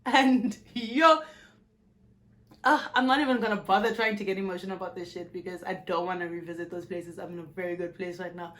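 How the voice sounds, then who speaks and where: A South African woman in her twenties, talking frankly and with profanity in a candid personal vlog, telling her story in an animated way. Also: fairly low pitch, a little fast. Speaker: YouTuber.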